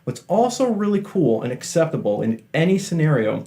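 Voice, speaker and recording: A man's voice: fairly high pitch, big pitch swings, a little fast, dark tone. A man giving a casual guitar lesson in a chatty, joking way with self-deprecating asides. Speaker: guitar teacher. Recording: faint guitar playing behind.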